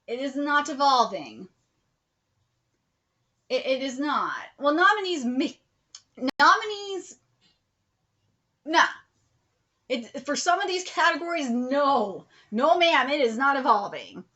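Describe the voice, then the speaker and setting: A woman's voice: high voice, lively intonation, slow, long pauses, pushed and bright. A woman vlogger ranting in a commentary video, blunt and profane, hammering points with repetition. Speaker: anime vlogger.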